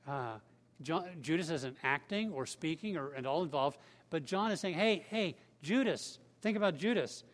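A man preaching a sermon as pastor, conversational and emphatic, with casual asides. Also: a little high. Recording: long hall reverb.

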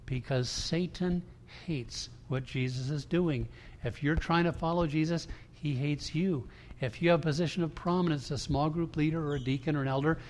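A man preaching a sermon to his congregation in a conversational style, with frequent restarts and emphatic quoted lines. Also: on the high side. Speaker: pastor. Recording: long hall reverb.

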